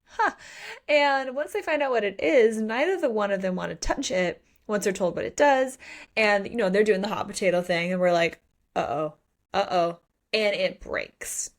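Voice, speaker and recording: A woman in her thirties co-hosting a casual book podcast, animated and acting out characters' lines. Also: medium pitch, moderate pace. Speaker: podcast co-host.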